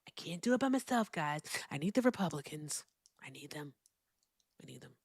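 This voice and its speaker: A woman's voice: low voice, sing-song, a little fast, husky, no room sound, clean studio sound, pitched below the performer's own voice, exaggerated voice. A woman doing a half-whispered impression of a boastful, whiny older male politician who keeps repeating "all right?". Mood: boastful, whining.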